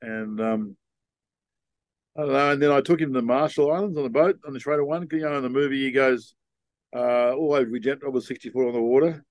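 A man's voice: medium pitch, brisk, darkish tone, no room sound, muffled recording. Laid-back man telling stories. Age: older. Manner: laid-back rambling storyteller. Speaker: guest. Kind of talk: casual storytelling interview.

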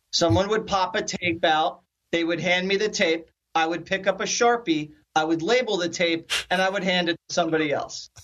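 High-voiced storytelling man, dull sound. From Philadelphia area, USA. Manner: animated storyteller, acts out quotes. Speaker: guest. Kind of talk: conversational interview storytelling.

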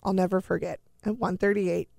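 A middle-aged woman with a gravelly, creaky edge tells a painful family story in an earnest, halting way. She keeps slipping back into the moment and quotes what everyone said. Her voice sits at an ordinary pitch and sounds close and dry. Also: steady tone, darkish tone, dry recording. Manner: earnest, halting, relives scenes by quoting dialogue. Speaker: guest sharing a family story. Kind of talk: emotional personal storytelling.

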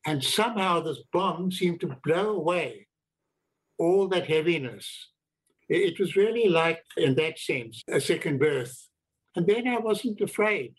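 An older man, recounting his own life story in a reflective, deliberate way, repeating words for emphasis. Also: fairly high pitch, expressive, husky, poor audio. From South Africa. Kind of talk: personal storytelling.

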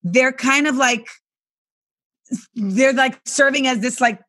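A woman journalist interviewing a guest in casual chat, halting and full of filler words. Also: high voice, sharp tone.

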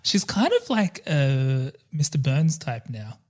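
A man's voice: mid-range voice, big pitch swings, slow pace. A man co-hosting a casual film podcast, rambling with many fillers. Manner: rambling, chatty, hesitant fillers. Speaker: podcast co-host.

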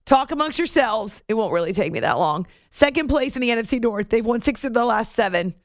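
A woman hosts a sports talk show with a somewhat high voice. She is chatty and playful, tossing off joking asides. The sound is dry and close. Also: animated, brisk, no echo.

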